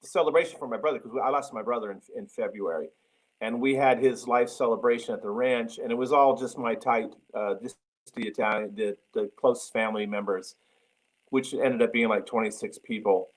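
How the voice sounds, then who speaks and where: A man's voice: medium pitch, fairly quick, low-quality recording. Male guest, film director type; mid-range voice, blunt and loose-tongued. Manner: blunt, swears freely. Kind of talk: casual podcast chat.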